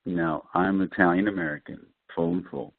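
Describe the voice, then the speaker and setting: A middle-aged man from Brooklyn, an actor telling lively stories as an interview guest. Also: moderate pace, no echo. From Brooklyn, New York. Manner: animated storyteller, lively pitch jumps. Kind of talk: casual interview. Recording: dry, tinny phone-like line.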